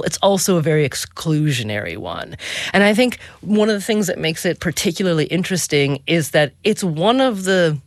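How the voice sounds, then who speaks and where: A woman's voice: lowish voice, no echo, clean studio sound. A woman hosting a radio interview, phrasing her questions in a thoughtful, searching way. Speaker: radio host. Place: radio studio.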